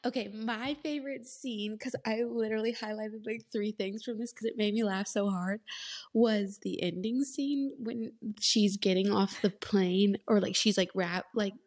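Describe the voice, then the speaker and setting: A woman co-hosting a podcast, giggly and animated, acting out lines from a book in casual chat. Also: medium pitch, moderate pace. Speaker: podcast co-host.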